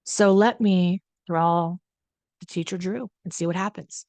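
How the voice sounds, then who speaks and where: A woman voicing an eager ten-year-old boy who loves art, gushing excitedly about his drawings. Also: lowish voice, a little slow, no room sound. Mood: doubtful.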